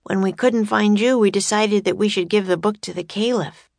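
A woman's voice: medium pitch, steady tone, normal speed, gravelly, no echo, pitched above the performer's own voice, lightly acted. A woman voicing a shy, curious young boy in an audiobook reading. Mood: earnest. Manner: hushed, awed.

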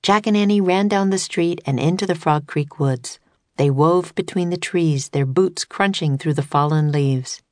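Woman reading a kids' book aloud, lowish voice, dry close sound, soft music under. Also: no echo. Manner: slow, even, deliberate. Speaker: audiobook narrator. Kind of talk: scripted narration.

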